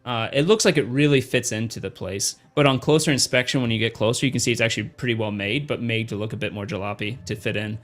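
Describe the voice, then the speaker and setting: A man narrating a space-themed tabletop game as its game master, with frequent pauses and fillers. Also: medium pitch, fairly bright tone. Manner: halting, with many fillers.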